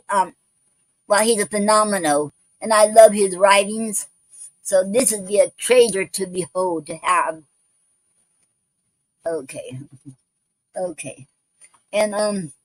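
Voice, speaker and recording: A woman's voice: mid-range voice, dry recording, poor audio. A woman hosting an online poetry show, talking casually with many ums, restarts and repeated okays.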